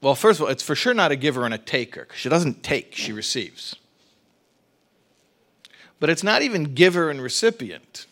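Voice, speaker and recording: A man teaching a religious study class, explaining ideas with rhetorical questions, quick restarts and repeated words. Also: on the high side, big pitch swings, a bit bright.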